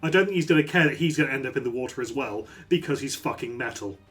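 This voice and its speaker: A man playing in a tabletop game, eager and animated, often restarting his sentences. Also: mid-range voice, quick pace, soft background music. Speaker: player.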